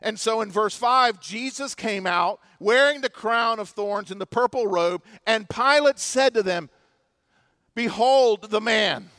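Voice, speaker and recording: Man, pastor, very high voice, impassioned sermon, dry close sound. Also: measured pace, few pauses, no echo. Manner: impassioned preaching with dramatic swings between loud and hushed.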